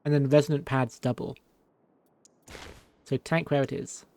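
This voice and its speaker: A man's voice: mid-range voice, level tone, a little slow, darkish tone, a little hiss or hum. A male streamer chatting casually while playing a video game, laughing often. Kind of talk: game commentary.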